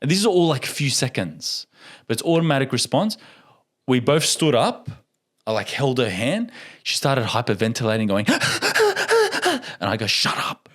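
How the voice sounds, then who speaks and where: A young man chatting as a guest on a podcast. He tells a story with energy, breaks into laughs often and acts out the lines of the people in it. His pitch sits in the middle range for a man. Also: huge pitch swings, unhurried, fairly bright tone. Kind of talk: casual storytelling.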